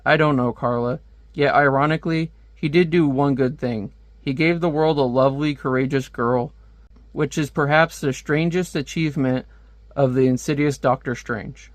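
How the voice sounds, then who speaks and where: A man's voice: medium pitch, steady tone, normal speed, no echo, natural voice. A man reading out a defiant armored male superhero from a comic, in a bold, declarative way. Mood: earnest.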